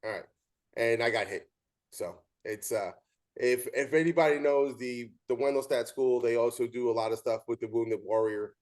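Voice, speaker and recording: A man's voice: medium pitch, normal speed. A man hosting an interview, an umpire who tells stories animatedly and acts out the dialogue. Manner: animated storytelling with quoted dialogue. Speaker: show host and umpire. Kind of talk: casual interview chat.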